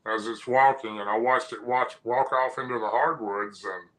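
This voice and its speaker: A man's voice: medium pitch, fairly even intonation, moderate pace, fairly bright tone, low-quality recording. A man, a guest on an interview, telling a personal story in a rambling, folksy way with frequent restarts. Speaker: guest recounting an encounter. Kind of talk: casual storytelling.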